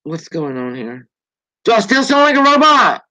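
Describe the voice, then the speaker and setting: A woman's voice: medium pitch, big pitch swings, moderate pace, pushed and bright, poor audio. Chatty, joking woman livestream host in her forties. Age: 40s. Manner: chatty, joking, swears freely. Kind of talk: casual chat.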